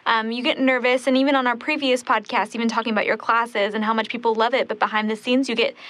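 A woman's voice: on the high side, steady tone, fast, fairly bright tone. A woman hosting a podcast, asking long, winding questions in a friendly, casual way. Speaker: podcast host.

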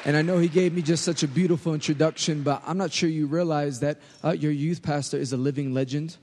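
A man with a New York accent preaching to a youth crowd as a youth pastor, lively and joking, calling out for the crowd to answer back. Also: a little high, fast, slight background noise. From United States. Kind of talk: energetic sermon to a youth crowd. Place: large church hall. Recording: live hall recording with long reverb.

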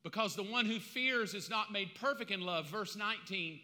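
A middle-aged man preaching a sermon as pastor, impassioned and conversational, with dramatic pauses. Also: high-pitched, lively intonation, pushed and bright, in a large hall. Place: church sanctuary.

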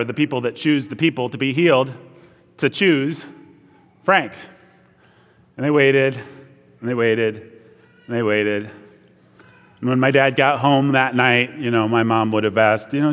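A man's voice: medium pitch, steady tone, measured pace, pauses often, a bit bright, big-room sound. A man preaching a sermon in a church, telling a story in a casual, wry way. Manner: storytelling, conversational with wry asides. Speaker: pastor.

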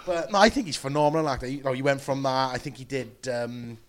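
A man with a Welsh accent, an actor chatting casually and telling lively anecdotes. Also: medium pitch, quick pace. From Wales. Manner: chatty storyteller, animated. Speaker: actor and podcast guest. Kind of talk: casual chat.

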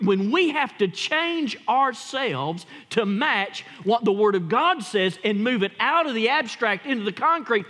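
A male pastor preaching a sermon, telling stories with emphasis and swinging from loud to hushed. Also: very high-pitched, lively intonation, a little slow, few pauses, long reverb tail.

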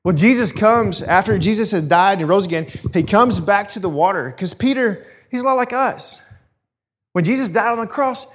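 Conversational, animated male preacher. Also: sits high, normal speed. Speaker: pastor. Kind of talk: sermon.

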